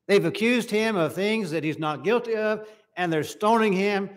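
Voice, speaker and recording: A man with a high-pitched voice preaches a sermon at a church service, speaking at a normal pace. He reads scripture passages aloud in King James wording and puts questions to the congregation.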